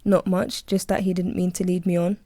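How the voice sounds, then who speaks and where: A woman's voice: fairly low pitch, little pitch movement, brisk, mellow, dry recording, close to an everyday voice. A woman voicing a cheeky, bubbly young woman friend in an audiobook. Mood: teasing. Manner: teasing, bubbly. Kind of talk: audiobook reading.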